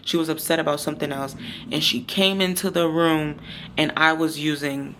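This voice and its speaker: A woman's voice: deep voice, steady tone, normal speed, a bit bright, a little hiss or hum. A woman in her thirties vlogging outdoors, telling a rambling, confiding personal story. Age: 30s. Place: outdoors, windy.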